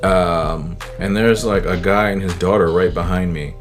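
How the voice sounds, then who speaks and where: A man telling a personal story in a casual, animated way, acting out the people he quotes. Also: deep voice, a little slow. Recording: guitar music under the voice. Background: guitar music.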